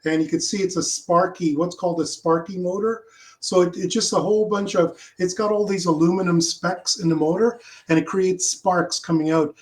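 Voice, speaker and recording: A man with a slightly high voice walks through his launch slides on a video call. He talks casually and stumbles often, filling gaps with small hesitations and restarting his sentences. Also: steady tone. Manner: halting, with many fillers and restarts. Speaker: club member presenting his rocket launch.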